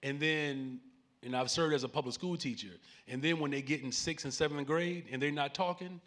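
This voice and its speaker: A man's voice: a little high, normal speed, fairly bright tone. A man in his forties with a Chicago accent, the mayor speaking on a conference panel, earnest and preacherly, joking with the audience. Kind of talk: conference stage conversation. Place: conference main stage before a live audience.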